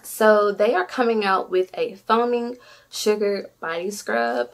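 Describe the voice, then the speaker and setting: A woman's voice: medium pitch, measured pace. A woman vlogging an unboxing, chatty and effusive, often squealing with delight. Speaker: beauty vlogger. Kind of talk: excited unboxing vlog.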